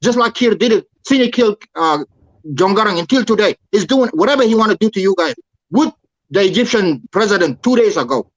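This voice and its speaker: A man's voice: high-pitched, lively intonation, brisk, no echo, muffled recording. A man calling in to a talk show, speaking in a heated, preachy, repetitive way. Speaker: caller. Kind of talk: impassioned call-in rant.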